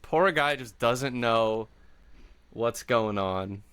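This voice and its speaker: A young man co-hosting a podcast in casual chat, enthusiastic and quick to laugh. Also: mid-range voice, clear, resonant tone, no echo. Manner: animated and enthusiastic, laughs often. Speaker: podcast co-host.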